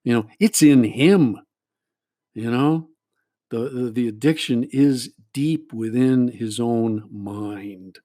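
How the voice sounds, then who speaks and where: A man's voice: medium pitch, takes it slowly, mellow. A male priest and counselor explaining a group therapy exercise. He speaks earnestly, restarts his phrases often, and keeps checking in with "all right?".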